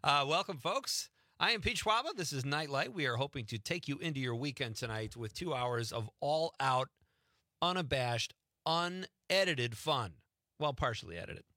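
Radio host, male, joking and rambling, bright animated delivery, dry close mic. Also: medium pitch, normal speed, no echo. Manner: joking, self-mocking, rambling. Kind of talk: casual studio banter. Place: radio studio. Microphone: studio microphone.

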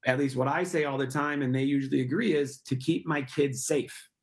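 A man's voice: medium pitch, fairly even intonation, brisk. A middle-aged man, interviewed as a guest, explains his project earnestly with rhetorical questions. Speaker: guest, park project founder. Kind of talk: interview answers.

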